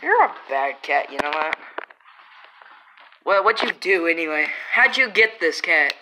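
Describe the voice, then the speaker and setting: A woman's voice: lowish voice, big pitch swings, unhurried, background noise. A woman vlogging at home, exclaiming and teasing as she scolds her cat. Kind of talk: casual vlog narration.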